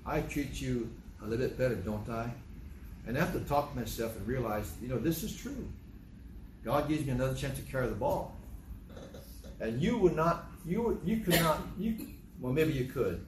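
An older man preaching a sermon in a conversational, storytelling way, acting out dialogue with sudden jumps in pitch. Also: lively intonation, normal speed, background noise. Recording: echoey room.

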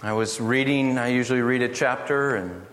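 A middle-aged man preaching a sermon, telling family stories in an earnest, gently humorous way. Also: mid-range voice, moderate pace. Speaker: pastor. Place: church hall. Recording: echoey hall from far off, faint noise.

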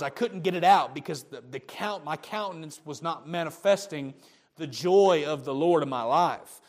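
A man's voice: on the high side, moderate pace, fairly bright tone. A man preaching a sermon, emphatic and repetitive, often restarting his phrases.

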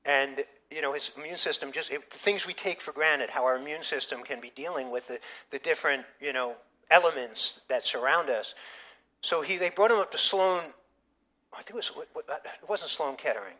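Bright-voiced animated male preacher. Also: fairly high pitch, moderate pace. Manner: animated, emphatic storytelling with frequent restarts. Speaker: pastor. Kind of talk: sermon.

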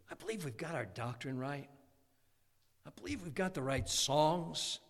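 A man preaching a sermon in a folksy, animated way, acting out quotes from his congregation. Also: a little high. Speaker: pastor. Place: church sanctuary. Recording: long church reverb.

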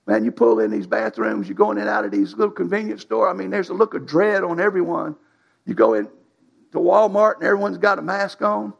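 A man's voice: high voice, animated, fairly quick, vocal fry, breathy edge, muffled recording. A man preaching a sermon, in a folksy, emphatic style with colloquial grammar.

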